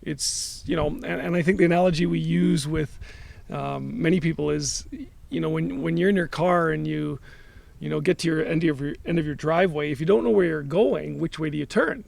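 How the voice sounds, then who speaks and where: A man's voice: fairly high pitch, a little fast, creaky, a little mellow. A man life coach co-hosting a podcast, methodically laying out his points and using analogies. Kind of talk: casual conversational podcast.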